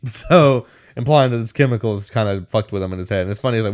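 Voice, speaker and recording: A medium-pitched man who talks fast co-hosts a podcast, loosely recapping a film scene by scene. He rambles with plenty of "like" and "whatever" and keeps laughing as he speaks.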